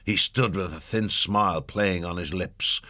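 A man with a deep voice narrates an audiobook in a steady, measured storytelling style. It was recorded on a close studio mic with no echo.

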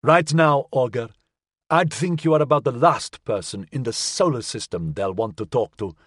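A man's voice: medium pitch, animated, normal speed, a bit bright, dry recording, studio quality. A man reading an audiobook, voicing a slick, condescending male official who coolly needles the woman he questions. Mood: needling.

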